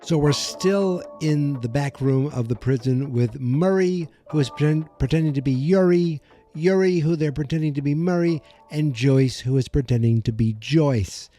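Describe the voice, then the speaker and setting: A podcast host speaking into a desk microphone gives a chatty, rambling recap of an episode, correcting himself as he goes. His voice is a little high and warm, at a moderate pace, with soft music in the background.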